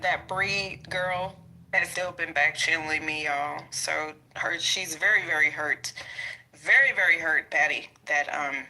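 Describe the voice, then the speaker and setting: A woman's voice: low voice, unhurried, sharp tone, poor audio. A woman hosting a casual podcast, blunt and sassy, talking to her listeners as y'all.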